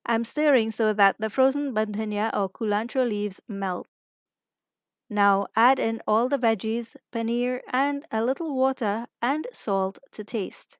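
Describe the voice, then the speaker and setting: A woman narrates her recipe as a cooking vlog host. Her voice sits a little high, and she talks through each step calmly and plainly. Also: measured pace, clear, resonant tone, no room sound, studio quality. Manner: calm, step-by-step instructive.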